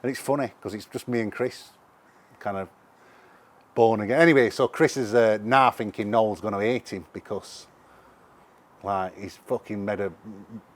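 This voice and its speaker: A middle-aged man with a broad Sheffield accent tells stories at speed, loose and sweary. His voice sits fairly low, and he talks like he's chatting with a mate. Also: moderate pace. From England. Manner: animated, sweary anecdotes. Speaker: musician guest. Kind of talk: casual interview storytelling.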